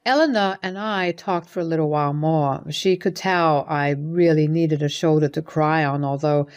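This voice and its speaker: A woman's voice: deep voice, fairly even intonation, normal speed, darkish tone. A woman narrating a dramatic first-person story in an earnest, emotional scripted reading.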